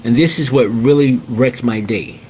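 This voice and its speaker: A man's voice: mid-range voice, normal speed, mellow, a little hiss or hum. A middle-aged man hosting a casual storytelling monologue. He repeats his phrases and keeps addressing his listeners as guys. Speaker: host.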